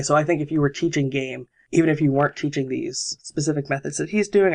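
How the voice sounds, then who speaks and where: A man's voice: fairly high pitch, creaky. A man hosting a podcast, casually explaining exercises step by step with examples. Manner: explanatory, walks through steps with examples. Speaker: podcast host.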